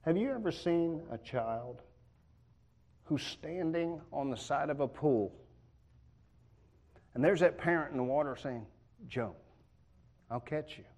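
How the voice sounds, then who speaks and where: Folksy joking male preacher, higher voice. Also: expressive, unhurried, long pauses, a little mellow. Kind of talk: sermon. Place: church.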